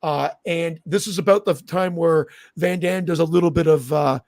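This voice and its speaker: High-voiced laughing man reviewing movies. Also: moderate pace, darkish tone. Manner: laughs often, swears, restarts sentences. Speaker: podcast co-host. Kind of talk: casual movie review chat.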